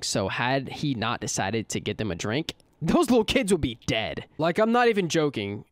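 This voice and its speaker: Animated young man telling a story. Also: medium pitch, normal speed, no echo. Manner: animated, slangy, laughs at his own bad luck. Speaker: storytelling YouTuber. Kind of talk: casual storytime vlog.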